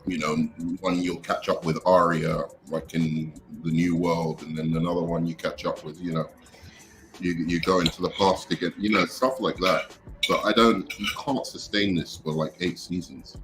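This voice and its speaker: A man with a very deep voice holds firm opinions in a relaxed group chat about TV. He talks stubbornly and will not back down. Faint music runs behind him. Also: moderate pace.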